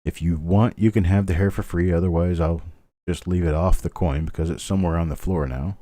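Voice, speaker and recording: A man's voice: sits low, steady tone, brisk, warm tone, no room sound. A middle-aged man hosting a live online coin auction, calling bids steadily and chatting between lots. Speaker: auctioneer host.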